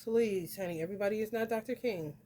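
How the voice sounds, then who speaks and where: Talking fast in a warm, medium-pitched voice, a woman from the northern United States delivers a blunt, cursing astrology reading, calling people "honey" throughout. A little background noise comes through on the vlog.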